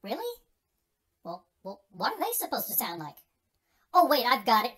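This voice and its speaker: A man doing a stoned party guest, high-pitched. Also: huge pitch swings, normal speed, sharp tone, full character voice. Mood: silly. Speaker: comedy sketch performer.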